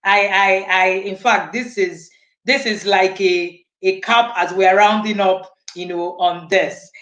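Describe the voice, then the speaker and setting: A woman's voice: mid-range voice, fairly even intonation, slow pace, fairly bright tone. Reflective woman hosting, in an echoey room. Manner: reflective, affirming, with many hums of agreement. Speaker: host and moderator. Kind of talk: panel discussion.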